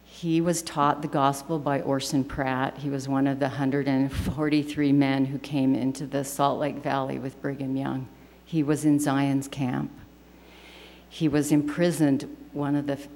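A woman's voice: rumbling low, flat delivery, a little slow, warm tone. A woman teaching a scripture lesson to a class, reading verses aloud in an earnest, reverent way. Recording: long hall reverb with faint hum.

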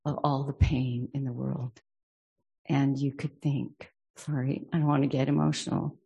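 Reading verses aloud and then reflecting on them with care, a male scripture teacher speaks in a mid-range voice. His pace is slow and measured, the tone mellow and dark, roughened by a husky, gravelly quality.

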